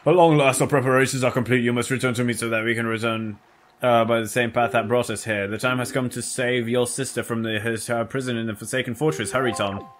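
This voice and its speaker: A man's voice: medium pitch, fairly even intonation, quick pace, lightly acted. A man reading aloud the lines of a solemn talking boat guide from a video game, stumbling over a word or two, with game music behind.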